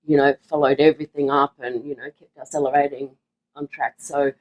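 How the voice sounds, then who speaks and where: A woman's voice: extremely low pitch, flat delivery, a little fast, a little mellow, rough recording. Aussie woman chatting away, lots of um and you know. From Australia. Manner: chatty, many fillers and restarts. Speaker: online seller sharing her story. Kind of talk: casual interview.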